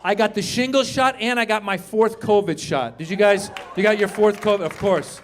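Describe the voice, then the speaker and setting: A man in his fifties performing stand-up comedy, chatting with the crowd and shouting his punchlines. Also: high voice, moderate pace. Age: 50s. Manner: animated, shouts punchlines, acts out voices.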